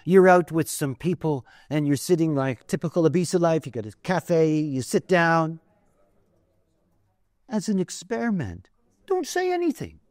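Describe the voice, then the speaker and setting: A man's voice: a little high, expressive, unhurried, darkish tone, no room sound. A man giving a conversational lecture, wandering into stories with many fillers and asides. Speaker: teacher of a spiritual system. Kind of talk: lecture with storytelling.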